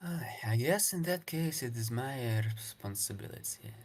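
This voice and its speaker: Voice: medium pitch, animated, normal speed. Cautious player at the game table. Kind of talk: casual tabletop play.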